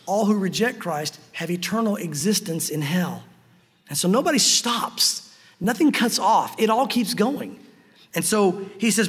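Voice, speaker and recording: A pastor preaching a sermon earnestly, slowing down to stress key phrases. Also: male voice, high voice, animated, husky, big-room sound.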